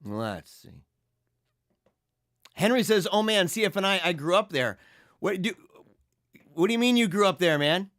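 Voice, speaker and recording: A man hosting a casual livestream, reading viewer comments and chatting in an animated, laughing way. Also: high-pitched, no echo. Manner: animated, laughing, drawn-out slang. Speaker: livestream host.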